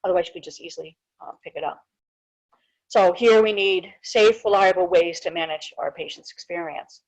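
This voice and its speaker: A woman's voice: lowish voice, normal speed, muffled recording. A woman who is a dental hygienist presents a live webinar in a chatty, informal way, with many small asides. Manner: chatty, informal, frequent fillers and restarts. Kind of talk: casual live webinar talk.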